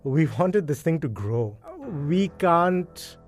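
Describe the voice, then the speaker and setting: A middle-aged man, a guest in an interview, telling his story in a casual, animated and emotional way. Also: a little high, takes it slowly, soft background music. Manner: animated, emotional, acts out past dialogue. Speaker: guest, event co-founder.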